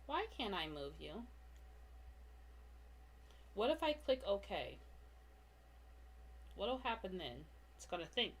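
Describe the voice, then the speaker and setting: A young woman comic artist giving a casual live-stream drawing tutorial, chatty and self-mocking, laughing often and talking to her slow computer. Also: mid-range voice, sing-song.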